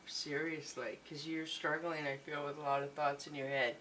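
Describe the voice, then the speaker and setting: A woman's voice: low-pitched, measured pace, hardly any pauses, fairly bright tone, a little hiss or hum, low-quality recording. A woman giving a tarot reading, gushing and reassuring, often repeating her encouragements. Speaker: tarot reader.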